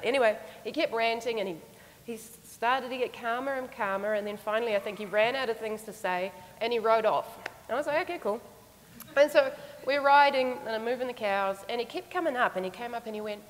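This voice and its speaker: A woman's voice: on the high side, a little fast, slight background noise. Earnest woman speaker in an echoey hall. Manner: earnest, reflective, with laughter. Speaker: conference speaker. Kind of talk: storytelling keynote talk.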